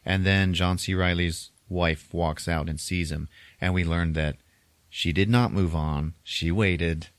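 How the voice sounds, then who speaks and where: A man retells a movie to his co-hosts in a loose, chatty way, laughing often and acting out quotes from it. His voice is very low and deep. The recording is dry and close, with no room sound. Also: steady tone, unhurried, dry recording. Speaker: podcast host. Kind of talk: casual movie recap.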